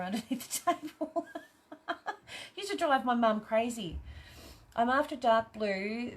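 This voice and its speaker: Chatty Australian woman, laughing easily. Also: mid-range voice. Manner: chatty, laughs often, cheerfully swears. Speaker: host of a live craft stream. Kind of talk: casual live chat reading viewer comments.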